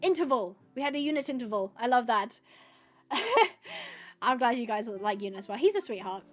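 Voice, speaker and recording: Chatty high-voiced woman streamer. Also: very animated, moderate pace, faint music behind. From United Kingdom. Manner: chatty, bubbly, reads out and answers chat. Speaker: gaming livestream host. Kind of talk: casual live-stream chat with viewers. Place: at home.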